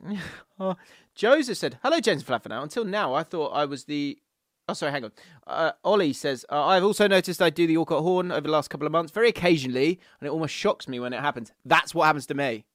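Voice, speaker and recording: A man's voice: fairly high pitch, lively intonation, fast, few pauses, fairly bright tone, no room sound, studio quality. A man co-hosting a casual football podcast, laughing often as he reads out listener messages and trades banter. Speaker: podcast co-host.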